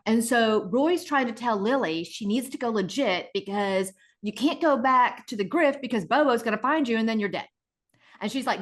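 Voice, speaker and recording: A middle-aged woman co-hosting a casual podcast, retelling stories in an animated way and acting out the people in them. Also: a little high, moderate pace. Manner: animated retelling with acted-out voices. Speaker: podcast co-host.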